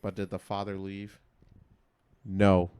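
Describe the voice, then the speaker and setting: A man co-hosting a podcast, telling a story in a casual chat, dropping to low mutters, then bursting out loud with lots of swearing. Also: completely flat delivery, slow pace, clean tone, no echo. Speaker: podcast co-host.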